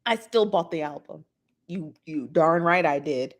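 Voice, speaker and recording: A woman's voice: low voice, expressive, a little slow. A woman, chatting animatedly as a podcast co-host and laughing often. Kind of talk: casual chat.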